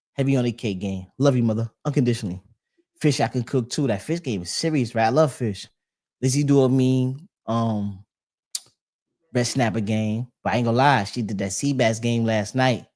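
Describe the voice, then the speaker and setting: A man's voice: mid-range voice, brisk, darkish tone. Man, podcast host, casual chat, slangy, laid-back, frequent restarts. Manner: loose slangy talk with many restarts and fillers.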